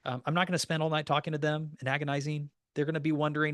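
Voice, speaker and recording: A man's voice: a little high, level tone, fast talker, few pauses, a bit bright, dry recording, studio quality. A man teaching agents how to make and negotiate offers, speaking in a practical coaching tone and acting out sample calls. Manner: practical, coaching tone with acted phone scripts. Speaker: real estate trainer. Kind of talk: recorded training class.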